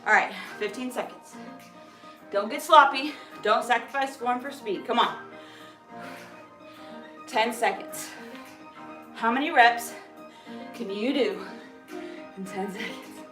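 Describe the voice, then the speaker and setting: A woman fitness coach leading a live workout class, energetic and encouraging, a little out of breath as she calls out cues and counts down. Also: fairly high pitch, slow pace, pauses often, roomy sound, rough recording. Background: workout music.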